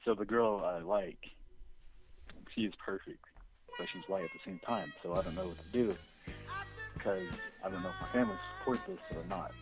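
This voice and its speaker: A young man with a fairly low voice calls in for advice. He hesitates, pausing often and filling the gaps with ums. Clear music plays behind him. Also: poor audio. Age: young adult. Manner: hesitant, full of ums and pauses. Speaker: caller asking for advice. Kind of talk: hesitant casual chat.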